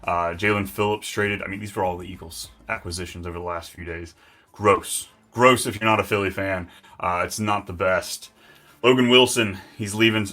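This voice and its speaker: A man hosting a live fantasy football stream, talking in an excitable, hyped and rambling way. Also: low-pitched, normal speed. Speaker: host.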